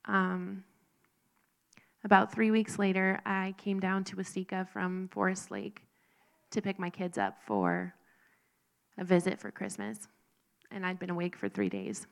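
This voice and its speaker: A woman telling her personal faith testimony in an earnest, halting, emotional way. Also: medium pitch, creaky. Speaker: speaker sharing a recovery testimony.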